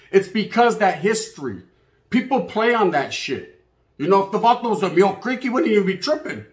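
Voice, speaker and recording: A man telling stories in a casual monologue, heavy on street slang and swearing, acting out the voices of other people. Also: sits high. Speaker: channel host. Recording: echoey room.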